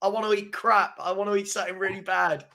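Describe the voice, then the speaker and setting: A chatty English man hosting a casual podcast, his voice fairly high and bright. He keeps things loose and laughs easily between points. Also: little pitch movement, quick pace, creaky. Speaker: podcast host. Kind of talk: casual chat.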